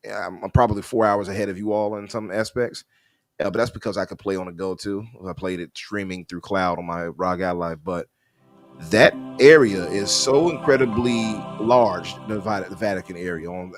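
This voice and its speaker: A man co-hosting a gaming podcast, talking in a casual, animated way with restarts. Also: fairly low pitch. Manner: animated, laughing, trails off and restarts. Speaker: podcast co-host. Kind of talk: casual chat.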